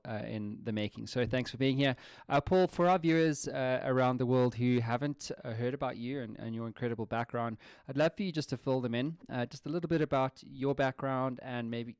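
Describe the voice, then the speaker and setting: A man's voice: mid-range voice, darkish tone, smooth, dry recording, studio quality. A man hosting a casual podcast interview, chatty and slangy, laughing often. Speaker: podcast host.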